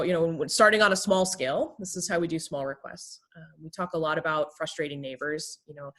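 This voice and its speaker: A woman therapist and pastor teaches the basics of calm communication. She acts out short everyday exchanges to show her points. Her voice sits fairly low. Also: a little fast, few pauses. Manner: explains with acted everyday examples.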